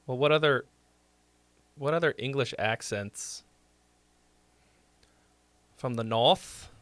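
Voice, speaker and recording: A man's voice: medium pitch, takes it slowly, fairly bright tone, no room sound. A man chatting casually on a live stream, swearing freely and joking as he rambles. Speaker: streamer and song critic.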